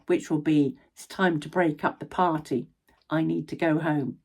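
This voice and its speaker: A woman in her sixties coaching parents through practical tips. Her voice rises and falls a great deal, with the lively delivery of a former drama teacher. She speaks at a medium pitch for a woman. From Scotland. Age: 60s. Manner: expressive former drama teacher, acts out examples. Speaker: ADHD and education coach. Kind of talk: instructional talk to parents.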